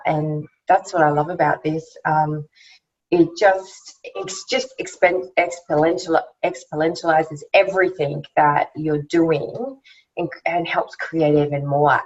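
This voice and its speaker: Excited woman on a muffled distant call line. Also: sits low. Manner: enthusiastic, filler-heavy, restarts words. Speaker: book club guest. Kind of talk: casual online book discussion.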